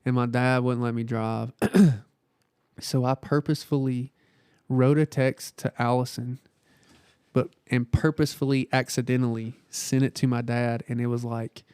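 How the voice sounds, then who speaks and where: A man's voice: mid-range voice, level tone, a little mellow, clean tone, dry recording, clean studio sound. A man co-hosting a podcast in easygoing casual chat, telling stories that poke fun at himself. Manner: easygoing, quick to laugh, joking about himself. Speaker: podcast co-host.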